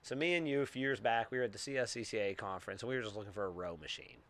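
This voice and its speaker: A man from Pittsburgh co-hosting a podcast, telling stories in a lively, animated way. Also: fairly low pitch, rapid-fire, no echo. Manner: animated storyteller, acts out voices. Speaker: podcast co-host. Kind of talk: casual podcast chat.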